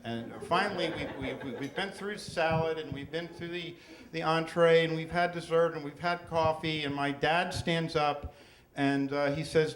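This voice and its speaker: A man's voice: fairly high pitch, moderate pace. A man in his sixties from southeastern Pennsylvania telling a personal story at a live story slam, chatty and full of stammered restarts. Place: stage in a room with an audience. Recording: echoey live room, faint noise.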